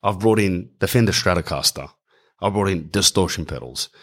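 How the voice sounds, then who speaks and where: A middle-aged man with an Australian accent telling a comic story in a casual, animated way, full of slang and asides to the audience. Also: low-pitched, normal speed. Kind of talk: stand-up storytelling.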